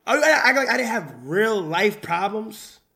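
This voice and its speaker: Young man, streamer, high voice, bright tone, loud joking banter. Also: animated, moderate pace, creaky. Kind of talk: casual chat with friends on a livestream.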